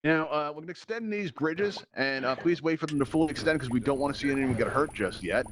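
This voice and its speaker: A man with a slightly high voice hosts a live game show at a brisk clip. He talks like an upbeat, chatty showman who cracks jokes to fill the gaps, heard through a headset mic. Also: crowd noise. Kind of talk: live virtual-reality game show hosting.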